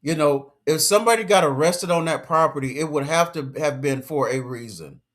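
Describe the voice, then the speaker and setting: Male commentator, slightly high voice, emphatic and lecturing, casual slangy rant. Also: a little fast. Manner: emphatic, lecturing, slangy, repeats his points. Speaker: commentary vlogger.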